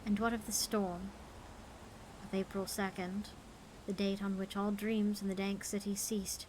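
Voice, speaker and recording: A woman's voice: mid-range voice, level tone, unhurried, a little mellow, slight background noise, poor audio. A tired woman reading a horror story aloud on a live stream, earnest but cursing at her own slips.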